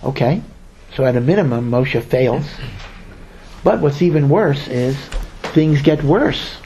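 A rabbi gives a Torah sermon, and the man tells it as a story. He repeats words for emphasis and briefly takes on the voices of the people he quotes. His pitch sits in an ordinary middle range for a man. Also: animated, measured pace, dark tone, slight background noise, poor audio. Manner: acts out quoted speakers.

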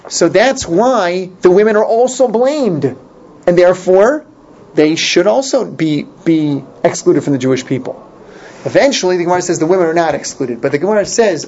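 A man's voice: sits high, animated, normal speed, a little mellow. Man teaching an informal Talmud class. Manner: thinking aloud, restarts and rhetorical questions. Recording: dull lo-fi class recording with faint noise.

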